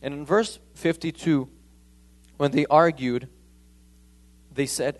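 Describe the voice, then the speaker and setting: A man's voice: fairly high pitch, fairly even intonation, slow, pauses often. A man preaching a sermon in a church, emphatic, often stumbling and restarting his phrases. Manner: emphatic, with frequent stammered restarts.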